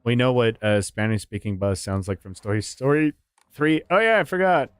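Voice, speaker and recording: A man's voice: medium pitch, animated, moderate pace, smooth, no room sound. A man streaming a horror game, chatting casually with viewers, swearing and laughing often and jumping into silly voices. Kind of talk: casual gaming stream chat.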